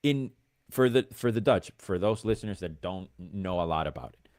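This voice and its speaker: A man's voice: sits low, lively intonation, normal speed, darkish tone, no echo, studio quality. An American man talking football as a guest pundit on a video call, enthusiastic and self-deprecating. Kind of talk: casual football chat.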